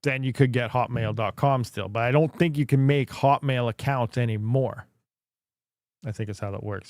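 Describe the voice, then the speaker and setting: A man's voice: medium pitch, normal speed, a little mellow, no echo, studio quality. A man hosting a casual livestream, rambling, thinking aloud and laughing often. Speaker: crypto mining livestream host.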